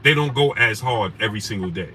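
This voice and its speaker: A man with a wife and kids hosts a casual sports live stream, speaking fast in a fairly low, animated, pushed and bright voice. He talks with passion, greets viewers by name and keeps asking "right?", with the distant mic catching clear background noise.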